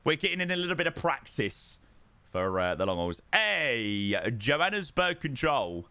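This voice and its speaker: A young man streams a flight sim from his home setup, greeting viewers and reading and answering chat in a casual, chatty way. His medium-pitched voice is sing-song and fairly quick, with a sharp, resonant tone, and the audio is clear with no echo.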